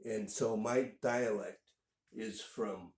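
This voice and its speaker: A man from northern Indiana talks through a casual language lesson, explaining things patiently and stopping often to gather his words. His voice sits a little low and he takes his time. The room around him rings with echo. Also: steady tone, a little mellow. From northern Indiana, USA. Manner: unhurried and explanatory, with frequent "uh" pauses. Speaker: language teacher.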